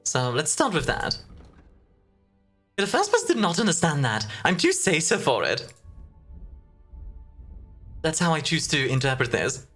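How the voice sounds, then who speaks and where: A woman's voice: low-pitched, huge pitch swings, unhurried, pauses often, fairly bright tone, slightly rough, faint music behind. A young woman streaming a game in casual chat, playful and self-mocking, often breaking into laughter.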